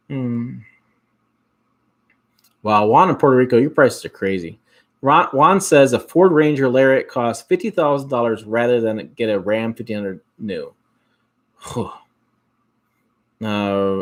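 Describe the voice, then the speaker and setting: This is a man with an Upper Midwest accent hosting a relaxed livestream and reading viewer comments aloud. His pitch moves around a lot. He rambles, repeats himself and often stops to restart his words. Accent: Upper Midwest American. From Michigan. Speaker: host.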